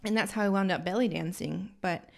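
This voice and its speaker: A woman who owns a hair salon, hosting a podcast and telling a rambling, animated, self-deprecating story from inside her salon. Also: medium pitch, a little fast, creaky. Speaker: salon owner and podcast host. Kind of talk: casual storytelling monologue.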